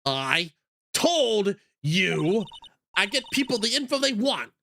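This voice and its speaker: Guy doing a southern lady photographer, high and pushy, bright and bouncy. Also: slow, a little hiss or hum, full character voice. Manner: loud, pushy and excitable. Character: brash nosy Southern woman photographer.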